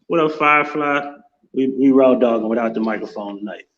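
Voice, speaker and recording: A man's voice: mid-range voice, fairly quick, a bit bright. Profane man live-streaming from an echoey room. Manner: profane, loose and talkative, greeting chat viewers. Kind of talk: casual live-stream chat. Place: home office. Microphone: without headset, room mic. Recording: echoey room, dull lo-fi sound.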